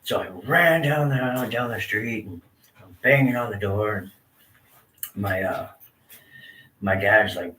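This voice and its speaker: A low-voiced man rambles through his story in a laid-back, slangy way. He sits back from the microphone in a roomy space, with faint ambience behind him. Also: slow pace, long pauses, pushed and bright, distant mic, a little hiss or hum. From Southern California. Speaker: storyteller sharing his life. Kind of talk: casual personal storytelling.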